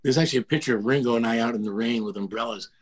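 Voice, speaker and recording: An older man with a husky, breathy voice tells lively anecdotes as a guest on a video call. He slips in quick impressions of the people in his stories and laughs at himself as he goes. His pitch sits at an ordinary middle for a man. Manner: animated storyteller, mimics voices, laughs at himself. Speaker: guest, music producer. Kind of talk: casual storytelling interview.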